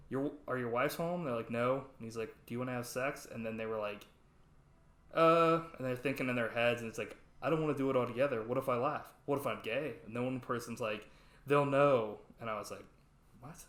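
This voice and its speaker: A man in a casual podcast chat, retelling comedy sketches in a rambling, animated way. His voice sits at a middling pitch. The room around him is echoey. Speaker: podcast co-host. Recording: roomy echo.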